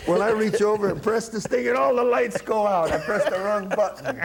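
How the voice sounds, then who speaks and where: Middle-aged man from Buffalo, slightly higher voice, lively raconteur who mimics others mid-story. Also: fairly quick, creaky. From Buffalo, New York, USA. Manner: animated, laughing storyteller who acts out quotes. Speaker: guest musician, jazz saxophonist. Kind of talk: casual anecdotal storytelling.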